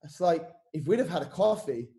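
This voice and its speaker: A man's voice: fairly high pitch, expressive, fairly quick, dark tone. A man telling his story as a podcast guest, casual and candid, often saying "mate", repeating words and swearing freely.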